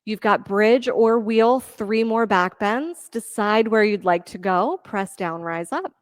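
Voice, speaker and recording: A woman leading a yoga class, calmly cueing moves and breaths and counting reps with encouragement. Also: medium pitch, slow pace, dry recording. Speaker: yoga instructor. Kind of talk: guided yoga class cues.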